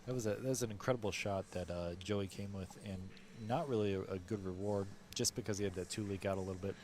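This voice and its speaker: An easygoing man co-commentating a pool match. His voice is low, and he talks through shot choices casually. Faint noise sits under the sound. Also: steady tone, fast, a little mellow. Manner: easygoing, laughs readily. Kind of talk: live sports commentary.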